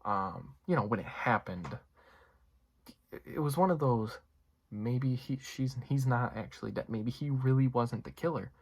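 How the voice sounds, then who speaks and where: A man's voice: medium pitch, measured pace. A young man giving a casual, rambling movie review, full of fillers and asides. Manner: rambling, lots of fillers and you-knows.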